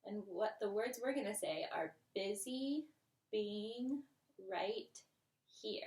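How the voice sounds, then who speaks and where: A woman leading a children's yoga lesson in a gentle, playful, encouraging way, sometimes dropping to a whisper. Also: mid-range voice, expressive, slow, recorded from a distance. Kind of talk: guided kids' yoga lesson. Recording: echoey room, voice from the mic.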